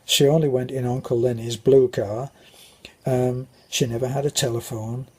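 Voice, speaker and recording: An older man with a British accent tells anecdotes in a rambling, casual way. His voice is very husky and breathy. His pitch sits in the middle range. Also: fairly even intonation, normal speed, a little mellow. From Britain. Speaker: vlogger. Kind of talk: casual storytelling.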